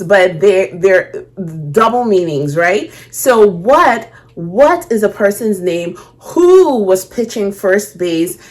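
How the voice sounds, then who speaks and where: A woman hosting a reaction video, chatting casually and thinking aloud with frequent restarts. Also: medium pitch.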